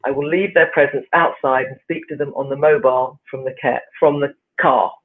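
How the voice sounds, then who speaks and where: A woman's voice: extremely low pitch, steady tone, a little fast. Older woman on a tinny phone line. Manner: chatty, laughs easily. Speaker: radio guest on the phone. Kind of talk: casual radio chat.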